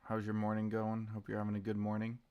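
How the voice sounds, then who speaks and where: A tired man talks through his trades in a hushed morning voice. His voice sits a little low with a gravelly rasp. He stays laid-back, answering chat as he goes. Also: completely flat delivery, fast, lo-fi sound. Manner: quiet, subdued morning voice; laid-back, reads chat names aloud. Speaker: stock trading streamer. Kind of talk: casual live-stream chat.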